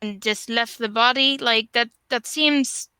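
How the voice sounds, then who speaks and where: A woman's voice: fairly high pitch, unhurried, pushed and bright, clean tone, no echo. A woman playing a tabletop game in character, speaking firmly and matter-of-factly. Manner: firm, matter-of-fact. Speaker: player.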